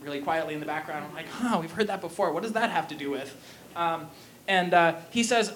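High-voiced man joking through an opera plot. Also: fairly quick, fairly bright tone, a little hiss or hum. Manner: casual and jokey, with many fillers and restarts. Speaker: lecturer. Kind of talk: humorous opera plot retelling.

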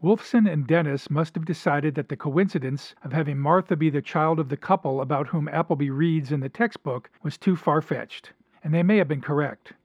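A man hosts a talk show, reading quoted passages from a story in a measured, dramatic way and then discussing them. His voice sits fairly high. The sound is dry and a little dull. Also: husky, dry recording. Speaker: podcast host.

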